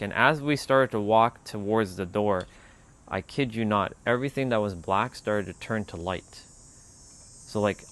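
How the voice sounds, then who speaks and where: On a spiritual livestream, a low-voiced male host recounts something from his own life. He wanders through it casually, leaning heavily on the word "like."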